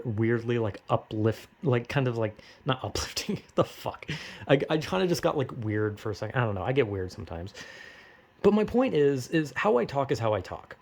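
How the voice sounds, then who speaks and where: A man's voice: medium pitch, a little mellow. A young man rambling in an unscripted monologue, blunt and profane, with frequent stammers and restarts. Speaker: vlogger.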